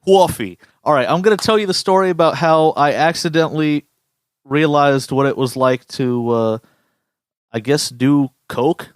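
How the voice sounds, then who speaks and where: A young man co-hosting a podcast in casual chat, swearing often and telling stories with animated impressions. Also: fairly high pitch, normal speed, smooth, no echo, clean studio sound. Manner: profane, animated storyteller. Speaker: podcast co-host.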